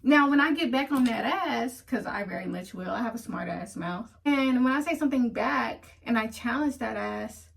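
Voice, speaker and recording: A woman's voice: a little high, expressive, moderate pace, vocal fry, hardly any pauses. A woman vlogging a casual monologue to her viewers, blunt and profane as she rants heatedly. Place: home in Atlanta. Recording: voice a bit far from the mic.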